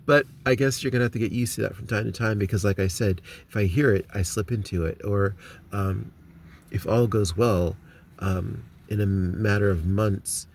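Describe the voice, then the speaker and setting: Low-voiced man chatting, full of ums. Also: fairly even intonation, normal speed, darkish tone, slight background noise. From United States. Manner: rambling, with many ums and restarts. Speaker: vlogger. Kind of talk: casual chat to viewers. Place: inside a parked car.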